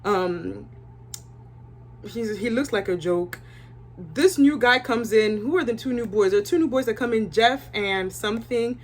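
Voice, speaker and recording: A woman's voice: a little high, unhurried. A young woman giving a casual, opinionated recap of a reality show, chatting with her viewers and filling her talk with asides.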